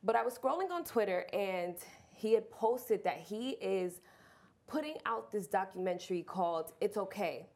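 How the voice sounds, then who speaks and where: A woman's voice: mid-range voice, lively intonation, moderate pace, darkish tone. A woman co-hosting a casual panel chat show, talking with enthusiastic emphasis. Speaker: show co-host.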